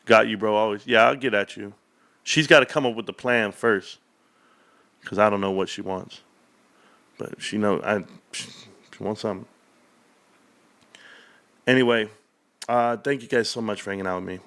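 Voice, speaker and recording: A middle-aged stock market YouTuber chats casually with his livestream viewers in a lowish, slightly bright voice. He speaks at a moderate pace with long pauses, rambling and addressing them as bros.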